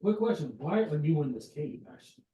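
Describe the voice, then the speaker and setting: Mellow-voiced man in an echoey room. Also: fairly high pitch, expressive, fairly quick. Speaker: player. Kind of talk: casual game chat.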